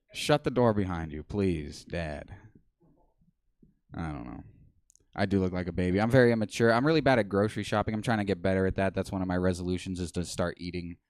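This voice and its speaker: Man in his twenties, stand-up comic, deadpan, self-mocking, lowish voice, smooth tone, dry sound. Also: very fast, no room sound. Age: 20s. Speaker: stand-up comedian. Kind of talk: stand-up set. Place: small comedy stage.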